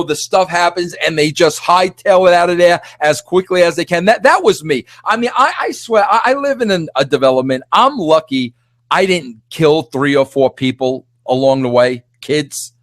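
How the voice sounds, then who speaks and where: A middle-aged man hosting a podcast, ranting in a rambling, excitable way full of restarts and filler words. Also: on the high side, moderate pace, dry recording, clean studio sound. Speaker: podcast host. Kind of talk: animated solo rant.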